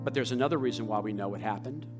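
An American man, a rabbi, preaching a sermon with passion and rhetorical questions, swinging between loud and hushed. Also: medium pitch, rapid-fire, loud music behind the voice. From United States.

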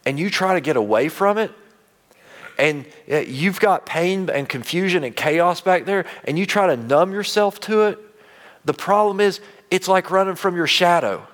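A man, preaching a conversational sermon, earnest, with frequent restarts and drops to quiet intensity. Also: high voice, expressive, moderate pace. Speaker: pastor.

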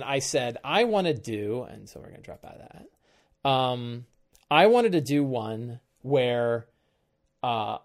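A man's voice: medium pitch, darkish tone. Rambling middle-aged man thinking aloud. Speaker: game master and show host. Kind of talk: live-streamed casual talk on game prep.

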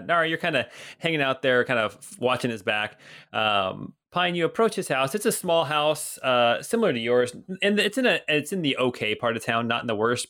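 Man slowly narrating a tabletop game. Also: medium pitch, fairly bright tone. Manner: slow, deliberate, searching for words. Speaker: game master.

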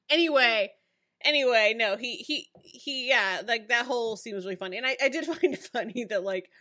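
A woman's voice: fairly high pitch, a bit bright. A woman co-hosting a casual recap podcast, making wry asides and laughing often. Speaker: podcast co-host.

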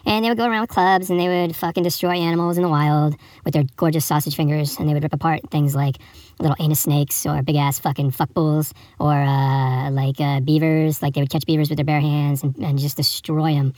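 Fast, crude, rambling comic storyteller man. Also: on the high side, level tone, darkish tone, no room sound. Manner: reads a fable aloud with jokey asides. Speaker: podcast host.

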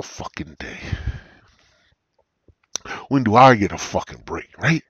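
A man's voice: expressive, slow pace, long pauses, breathy edge, no room sound. A man hosting a solo podcast, rambling in a crude, joking way, drowsy and yawning, talking into a cheap gaming headset. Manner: profane, jokey, drawling, with yawns and sudden high squeals. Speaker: podcast host.

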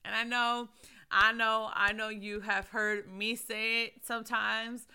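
A middle-aged woman, a mother and ministry leader, preaching fervently and shouting praise. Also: a little high, flat delivery, unhurried, clear, resonant tone. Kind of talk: sermon.

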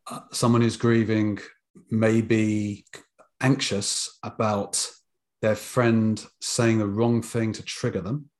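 A man with a British accent and a fairly low voice speaks about his therapy clients. He talks in a measured, thoughtful way. The setting is relaxed conversation. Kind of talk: casual conversation.

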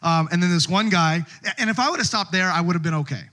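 A middle-aged male pastor preaching with a fairly high, bright-sounding voice. He tells his stories in an animated way and laughs often along the way. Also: fast talker. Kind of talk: sermon.

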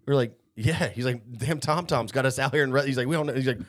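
Dude host rattling off a crazy story, swears a lot, talks fast. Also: male voice, mid-range voice. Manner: profane, rambling, animated storytelling. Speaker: podcast host. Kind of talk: casual storytelling chat.

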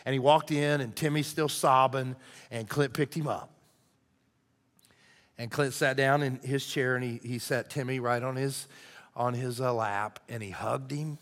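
A middle-aged man, a lead pastor, preaching with conversational storytelling that goes from lively to hushed and earnest. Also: medium pitch, moderate pace, in a large hall. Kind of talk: storytelling sermon.

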